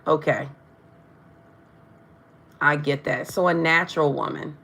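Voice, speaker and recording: Brief: woman tarot streamer, lower voice, chatty, tongue-tied. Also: fairly even intonation, measured pace, fairly bright tone. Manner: stumbles over words, tongue-tied; chatty, addresses viewers directly. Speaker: tarot reader. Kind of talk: live-stream tarot reading.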